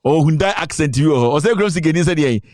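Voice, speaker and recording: A man's voice: on the high side, animated, quick pace, darkish tone, dry recording, studio quality. A Ghanaian man hosting a live political talk stream, boastful and rambling, switching between Twi and English. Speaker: online show host.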